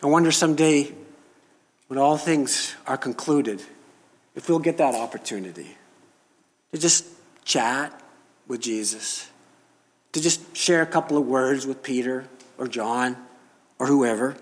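A man preaching a sermon, slow and emphatic, leaning into dramatic pauses. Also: mid-range voice, in a large hall.

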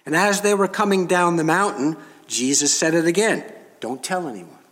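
A man preaching a sermon, slow and emphatic, leaning into dramatic pauses. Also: sits high, a bit bright, in a large hall.

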